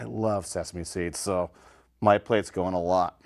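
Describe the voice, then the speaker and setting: A man's voice: deep voice, steady tone, takes it slowly, creaky. A man hosting a home cooking video, talking casually and enthusiastically to his viewers, tasting his food and sometimes talking with his mouth full. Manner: chatty, enthusiastic, talks straight to viewers. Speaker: home cooking show host.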